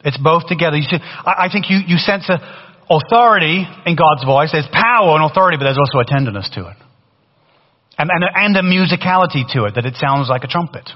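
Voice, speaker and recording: A man preaching a sermon in a lively, conversational way, with a faded British accent and many restarts. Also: on the high side, fast. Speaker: pastor. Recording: dull sound in a long-reverb hall.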